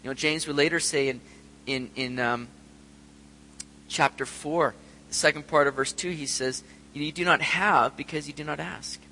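A man's voice: on the high side, fairly even intonation, moderate pace, pushed and bright, big-room sound, a little hiss or hum, rough recording. A middle-aged man preaching a sermon in an earnest way, sometimes acting out prayers and voices. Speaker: pastor.

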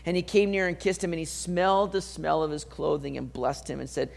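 Animated man preaching, slightly high voice. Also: a little fast, creaky. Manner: animated, acts out voices of the people in the story. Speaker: pastor. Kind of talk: sermon with scripture reading.

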